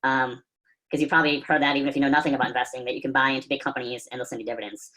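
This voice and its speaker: Over a rough video-call recording, a copy chief serving as guest instructor teaches casually with rapid-fire, forceful delivery. His medium-pitched voice is bright and flat, and his storytelling, conversational style includes fillers and the occasional swear word.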